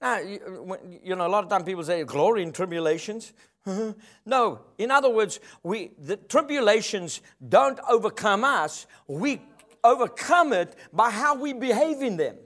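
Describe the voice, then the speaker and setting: A man's voice: high voice, expressive, moderate pace, fairly bright tone. A man preaching a sermon, emphatic and rhythmic, often asking the congregation for an amen. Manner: emphatic, call-and-response preaching.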